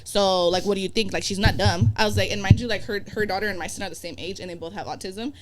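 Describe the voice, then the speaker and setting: Young woman guest rattling off a story fast, cussing, doing everyone's lines. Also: mid-range voice, steady tone, a loud crowd. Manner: profane, acts out quoted dialogue. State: pregnant. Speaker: podcast guest. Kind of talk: casual storytelling chat.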